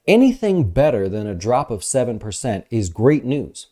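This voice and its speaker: A man giving casual, energetic market commentary as an investment advisor host, talking fast with fillers. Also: medium pitch.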